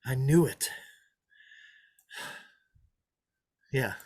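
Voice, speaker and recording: An actor playing a menacing drifter who taunts his hostages, swinging from loud mockery to hushed threats, in a play reading. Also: medium pitch, animated, very slow, breathy edge, exaggerated voice. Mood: reminiscing. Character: menacing, sneering drifter holding a diner hostage. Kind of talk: play read over a video call.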